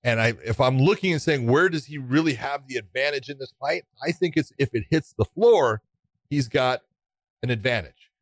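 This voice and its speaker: Man, co-host, emphatic fight talk, mid-pitched, dry close mic. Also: moderate pace, dry recording. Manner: emphatic, talkative, ribbing. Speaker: podcast co-host. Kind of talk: casual fight analysis chat.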